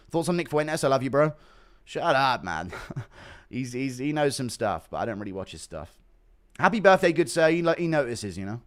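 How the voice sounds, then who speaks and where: A mid-pitched man live-streams in an animated, casual way, swearing offhandedly while reading chat and donations aloud.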